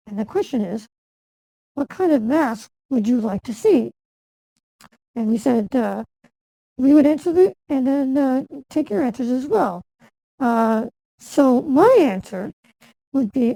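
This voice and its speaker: A woman hosting a casual chat show, talking in an easygoing, chatty way. Her voice is high with a lot of gravelly fry and a mellow, dark tone. The recording is dry and close. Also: dry recording, low-quality recording. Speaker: host.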